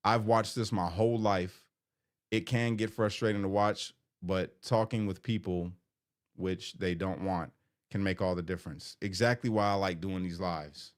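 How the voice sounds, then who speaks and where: A man with a lowish voice talks casually on a live stream, reading out viewer comments and answering them one by one. He is chatty and informal, and his voice jumps higher and louder when something excites him. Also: moderate pace, clear, resonant tone.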